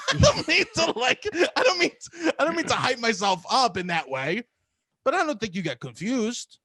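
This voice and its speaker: A man co-hosting a podcast, telling profane, animated stories about auditions and laughing often. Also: extremely high pitch, normal speed, breathy edge, no room sound, studio quality. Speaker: podcast co-host, comedian. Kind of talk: casual storytelling chat.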